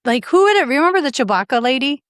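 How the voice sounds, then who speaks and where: A woman's voice: sits high, very animated, fast, a bit bright, dry recording, studio quality. Middle-aged woman, laughing storyteller. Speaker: guest comedian. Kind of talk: casual podcast chat.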